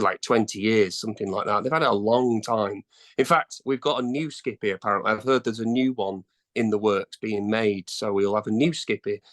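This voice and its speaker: Chatty middle-aged male band singer. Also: medium pitch. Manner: rambling, chatty, many fillers and restarts. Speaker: singer in a tribute band, interview guest. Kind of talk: casual interview answers.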